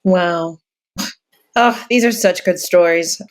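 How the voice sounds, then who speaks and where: A woman's voice: fairly low pitch, slow. A woman hosting a podcast in casual chat, steering the talk with encouraging remarks. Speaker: podcast host.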